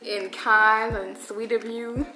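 Playful memphis girl vlogging at home, high voice, music in the back. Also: level tone, slow pace. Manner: playful, bubbly, teasing. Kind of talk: casual couple vlog chat. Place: at home indoors. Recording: roomy sound with music behind.

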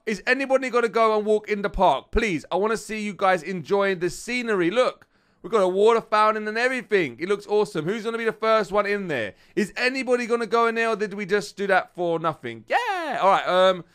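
Chatty high-voiced British man. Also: clean tone. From United Kingdom. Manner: chatty and excitable, talks straight to viewers as "guys". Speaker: gaming channel host. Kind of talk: casual gameplay commentary.

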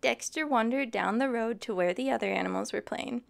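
A woman reading a children's picture book aloud, expressive and adding sympathetic asides. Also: a little high, brisk, creaky. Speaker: storytime reader.

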